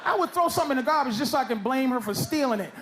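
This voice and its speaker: A man's voice: extremely high pitch, animated, racing. A man doing stand-up in a comedy club, brashly mocking audience members with profane crowd work. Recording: loud crowd laughter, club noise.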